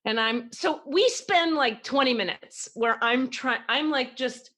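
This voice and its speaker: A woman podcast host telling a personal story in a casual, animated way, swearing freely. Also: high voice, measured pace.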